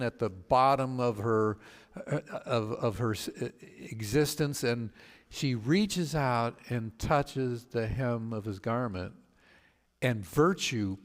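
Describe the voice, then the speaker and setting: A male pastor retells scripture stories for a study group at a middle pitch. He pauses and restarts often with fillers and shifts his voice to act out the people he quotes. A long reverb trails his words. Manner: storytelling, halting with fillers and restarts; acts out quoted speakers with voice changes. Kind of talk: Bible study teaching.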